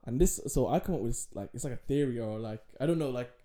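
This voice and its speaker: Mellow young man, slangy chat. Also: mid-range voice, quick pace. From Manchester, England. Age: young adult. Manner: slangy, laughs often, says bro a lot. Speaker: guest, host's brother. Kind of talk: casual chat.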